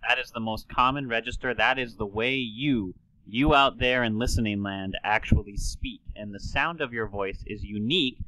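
A man co-hosting a podcast, a doctor explaining things in a measured, lightly joking way. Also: mid-range voice, sharp tone, no echo, rough recording. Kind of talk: casual podcast chat.

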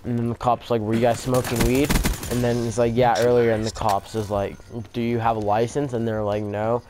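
A man's voice: mid-range voice, flat delivery, fairly quick. A young man telling a rambling story-time vlog, swearing often and leaning on "like". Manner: rambling, swears a lot, fillers like "like". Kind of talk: casual story time over gameplay. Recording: gameplay gunfire noise behind. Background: video game gunfire.

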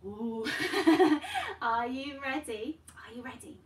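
Slow and high-pitched with huge swings in pitch, a woman runs a toddler class, playfully coaxing the children in a sing-song style. A distant mic catches roomy sound and faint noise.

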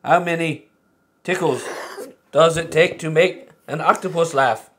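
A man imitating a female phone voice assistant, reading a joke in a flat, measured way. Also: a little high.

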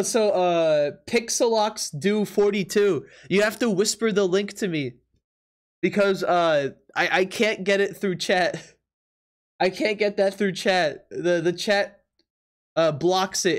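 A casual live streamer talks straight to the chat through a desk mic in a middle-pitched voice. The talk comes in quick, stumbling bursts with repeated words and frequent laughter. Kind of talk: casual live-stream chat while playing a drawing game.

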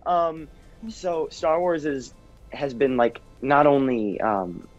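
A man's voice: mid-range voice, expressive, takes it slowly. Earnest teen boy, lo-fi interview sound. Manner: earnest, with frequent ums and restarts. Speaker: actor guest. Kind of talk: casual interview chat. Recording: dull lo-fi sound with faint music.

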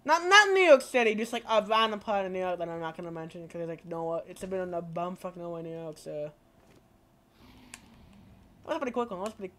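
A woman's voice: medium pitch, quick pace, fairly bright tone. A woman with a lisp doing rambling, profane let's play commentary, often yelping and shrieking. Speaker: gaming video creator.

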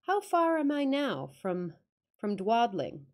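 An earnest young traveler, lost in the snow, speaks eagerly and politely as he asks for a guide , read by a woman narrating a ghost story. His voice is a touch higher than the narrator's own. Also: sing-song, slow, a little mellow. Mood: eager pleading.

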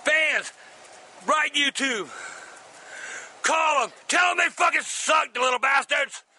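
Shrill cursing older man, ranting. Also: slow. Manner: explosive, cursing, shouts in bursts. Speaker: show regular, angry grandpa. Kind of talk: profane ranting to camera.

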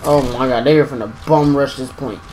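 A young man giving excitable live commentary while playing a game, exclaiming and talking to himself. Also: medium pitch, a little fast, background noise. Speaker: gaming streamer.

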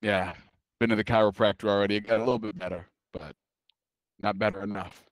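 A man's voice: fairly low pitch, fairly even intonation, fast talker, no echo. A man from Philadelphia co-hosting a podcast, with dry, wry humor in casual chat. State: sore hip. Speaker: podcast co-host.

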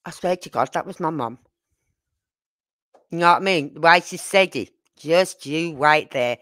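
Chatty grandmother, low voice. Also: expressive, moderate pace, fairly bright tone, no room sound. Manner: chatty, rambling, keeps asking "you know what I mean". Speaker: neighbour interviewed. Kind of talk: casual storytelling chat.

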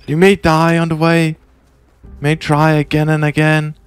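A man doing a booming motivational speaker. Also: monotone, clean tone, lightly acted. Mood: inspirational. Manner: loud, slow, dramatic inspirational delivery. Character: earnest male motivational speaker, grand and uplifting.

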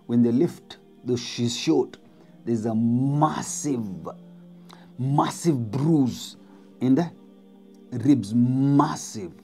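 A man's voice: medium pitch, drawn-out words, dark tone, soft background music. A man telling a spooky story in a dramatic way, repeating words and dropping to whispers. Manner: dramatic, repetitive, drops to whispers. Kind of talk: spoken storytelling.

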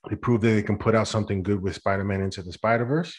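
A man's voice: fairly low pitch, fairly even intonation, fast talker. A man hosting a podcast, chatting casually and putting questions to his co-host. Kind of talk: casual pop-culture chat.

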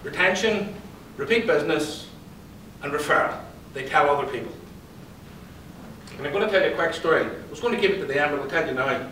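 A man with a slightly raised voice gives a lively motivational talk, mixing stories with questions for the room. His voice carries through a big echoing hall. He sounds a little distant from the microphone. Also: on the high side, fairly quick, slight background noise. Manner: lively storyteller, quizzes the audience. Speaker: conference speaker and psychologist. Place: event hall. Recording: roomy hall, distant pickup.

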